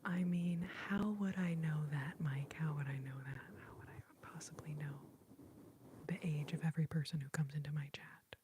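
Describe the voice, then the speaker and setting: A young woman from Texas chatting in a soft whisper on an ASMR live stream, answering her viewers. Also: low-pitched, fairly even intonation, normal speed, background noise. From Austin, Texas.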